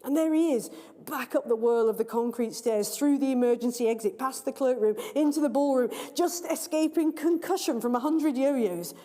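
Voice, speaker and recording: A woman reading her own story aloud at a live event in a large library hall, with expressive, measured storytelling. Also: high-pitched. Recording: long reverb of a large hall.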